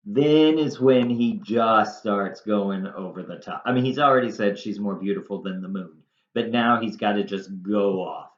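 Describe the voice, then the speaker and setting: A man's voice: lowish voice, fairly even intonation, moderate pace. A man teaching a Shakespeare passage, paraphrasing it casually and often saying "like". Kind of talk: explaining a Shakespeare text. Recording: roomy, dull lo-fi sound.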